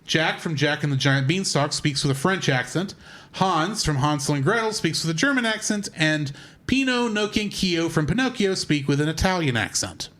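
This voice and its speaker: A man co-hosting a film podcast, reading out a plot summary and trivia in a steady read-aloud way with small slips. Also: on the high side, normal speed. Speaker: podcast co-host.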